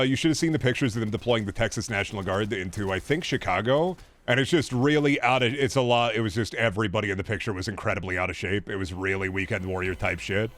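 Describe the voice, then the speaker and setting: A man's voice: mid-range voice, a bit bright. A young man streaming games, chatting casually with sarcastic, profane rants. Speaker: gaming streamer.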